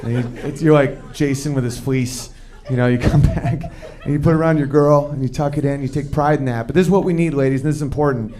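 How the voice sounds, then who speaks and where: A man doing a stand-up comedy routine in a fairly high voice. He tells stories with lively energy and keeps jumping into acted-out quotes of men and women. He is on a club stage with a handheld mic, and the audience laughs along. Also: slight background noise. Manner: animated storytelling, quick shifts into acted-out quotes of men and women.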